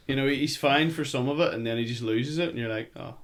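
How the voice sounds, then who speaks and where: Man, middle-aged, podcast co-host, casual movie chat, rambling, mid pitch. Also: fast talker. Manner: rambling, many "you know" fillers.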